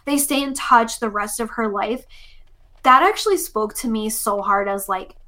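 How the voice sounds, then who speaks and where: Bright-voiced, chatty woman co-host. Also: a little high, normal speed. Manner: chatty, laughs often, thinks out loud. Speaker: podcast co-host. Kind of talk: casual chat.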